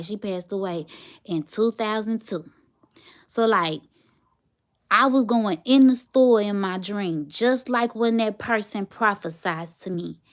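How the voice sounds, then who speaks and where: A woman, telling a personal story to her viewers in a heartfelt, emotional way. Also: medium pitch. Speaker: vlogger, single mother.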